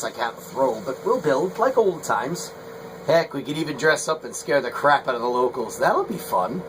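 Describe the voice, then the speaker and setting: A man's voice: on the high side, noisy background. A middle-aged man, a potter, talking casually and rambling with hesitant fillers. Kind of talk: casual vlog talk while working.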